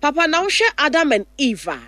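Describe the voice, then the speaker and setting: Woman, radio host, brisk, dry studio sound. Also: high-pitched, big pitch swings, bright, forceful tone, dry recording. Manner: brisk, repeating phone numbers slowly. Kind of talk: call-in radio chat.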